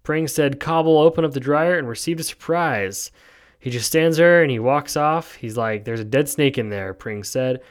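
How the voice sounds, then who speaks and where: A man's voice: mid-range voice, moderate pace, clear, resonant tone. Rambling sarcastic man hosting a podcast. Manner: rambling, sarcastic, lots of ums. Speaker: podcast host. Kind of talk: casual solo podcast commentary.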